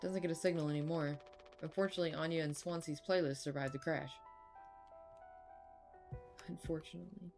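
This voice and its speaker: A woman's voice: sits low, fairly even intonation, fairly quick, pauses often, a little mellow, faint music behind. Woman casually commenting on a game. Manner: casual, swearing, laughing asides. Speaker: gamer. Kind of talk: let's-play commentary.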